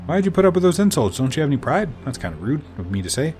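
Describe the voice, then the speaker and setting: A man's voice: a little high, big pitch swings, very fast, hardly any pauses, soft background music. A man hosting a let's play, commenting on a game with jokey, rambling asides.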